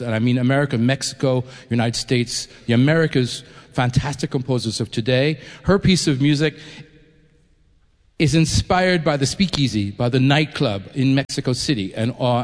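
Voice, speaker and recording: Chatty man addressing a concert hall. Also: mid-range voice. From New York. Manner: enthusiastic, chatty, with frequent restarts. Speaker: orchestra executive addressing a concert audience. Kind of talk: live speech to an audience. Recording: long hall reverb.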